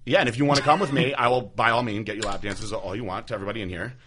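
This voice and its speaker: A young adult man hosting a podcast, telling stories in a candid, crude way and slipping into animated impressions of the people he quotes. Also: fairly low pitch, racing. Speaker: podcast host. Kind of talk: casual podcast chat.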